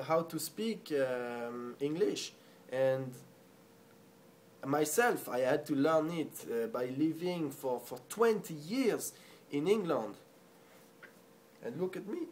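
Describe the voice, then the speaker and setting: Brief: man putting on French accent, halting, faint hiss. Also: on the high side, expressive, a little mellow. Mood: self-mocking. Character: self-mocking French man.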